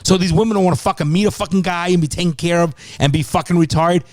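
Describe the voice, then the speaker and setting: A middle-aged father co-hosting a casual podcast rants and swears in exasperation. His voice is high, fast, and darkish in tone.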